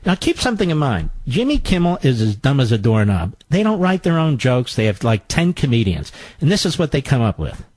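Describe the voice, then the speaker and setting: A man's voice: mid-range voice, sing-song, brisk, hardly any pauses, a little mellow, no room sound. A man hosting a talk show, delivering a combative political monologue with sarcastic, mocking asides.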